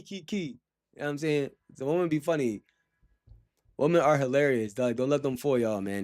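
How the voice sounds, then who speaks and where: A young man with a fairly high-pitched voice holds a loose, rambling conversation with his livestream chat. He talks in heavy slang, breaks into laughs often, and jumps from one thought to the next.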